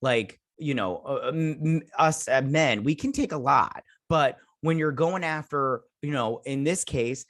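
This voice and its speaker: A man's voice: medium pitch, measured pace, few pauses, fairly bright tone. A man hosting his own reaction vlog, ranting heatedly with many restarts and fillers. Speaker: YouTube channel host.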